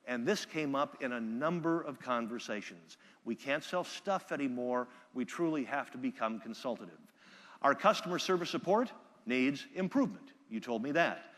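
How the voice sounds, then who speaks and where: A man giving a live keynote speech from a conference stage, telling stories with energy and loud bursts when he quotes people. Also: mid-range voice, in a large hall. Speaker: keynote speaker. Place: large conference hall.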